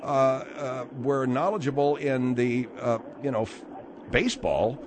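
A male radio talk show host who grows exasperated and bursts into yelling. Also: medium pitch, a little slow, background noise.

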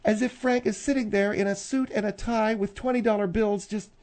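A woman's voice: medium pitch, steady tone, fairly quick, a little mellow. A woman co-hosting a radio talk show, arguing back in an indignant, needling way. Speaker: radio co-host. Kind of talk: casual radio banter.

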